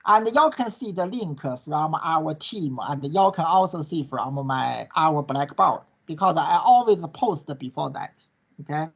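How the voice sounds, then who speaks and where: Gravelly husky teacher, broken English. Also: male voice, on the high side, animated, unhurried. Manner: non-native English, tags sentences with "right?" and "okay?". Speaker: course instructor. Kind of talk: online class Q&A. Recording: dull lo-fi online class recording.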